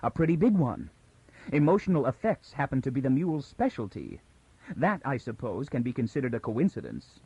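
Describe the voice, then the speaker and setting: A man voicing a frightened young woman who reasons tensely through her fear, pitched above his own voice. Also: very animated, brisk, warm tone, slightly rough, dry recording, highs cut off, heavily acted. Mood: uneasy.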